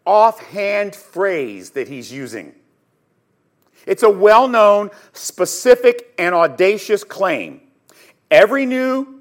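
A Bible teacher delivers a sermon on scripture, telling the story dramatically and emphatically as he swings between loud and hushed. His voice sits high, and he addresses his listeners directly with questions.

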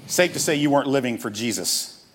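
A man preaching a sermon to a church crowd, emphatic and animated, mixing jokes into his message. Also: mid-range voice, brisk, a little hiss or hum. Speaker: pastor. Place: church stage with audience.

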